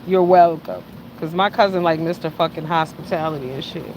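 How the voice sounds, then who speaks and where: A woman around fifty chatting casually with her livestream viewers, swinging between loud exclamations and low mutters. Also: fast talker, slight background noise. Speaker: livestream host.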